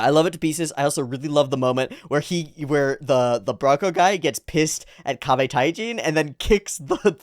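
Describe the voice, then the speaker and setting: A man giving casual anime reaction commentary, his pitch swinging widely as he talks. He sounds enthusiastic and chuckles often. The sound is close and dry, with no room around it. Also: dry recording.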